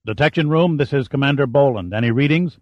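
A man's voice: mid-range voice, fast talker, no room sound, close to an everyday voice. A man voicing a stern, barking Navy commander. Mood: commanding. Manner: clipped commands, raised and forceful. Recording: dull, dry audiobook recording.

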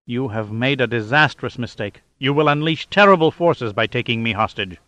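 A man's voice: medium pitch, lively intonation, moderate pace, pushed and bright, no echo. A man reading a captive male tycoon who makes stiff, hissing threats. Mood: menacing. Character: menacing male tycoon held hostage, cold threats.

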